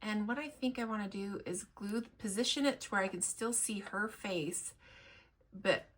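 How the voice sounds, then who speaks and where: A woman talking through a crafting tutorial in a chatty, rambling way, with many fillers and restarts, now and then going soft while she works. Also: medium pitch, moderate pace. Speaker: collage artist and shop owner.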